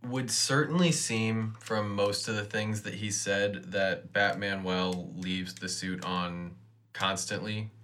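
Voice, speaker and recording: A man co-hosting a podcast, casually recapping a TV episode in a steady way with dry asides. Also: lowish voice, slow, a little hiss or hum. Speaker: podcast co-host.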